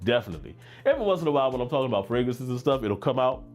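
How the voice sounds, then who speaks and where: A man's voice: medium pitch, big pitch swings, very fast, a little mellow, soft background music. A middle-aged man from Baton Rouge with a Louisiana accent, hosting a casual fragrance livestream. He talks in a laid-back, chatty way and reads comments from the chat aloud.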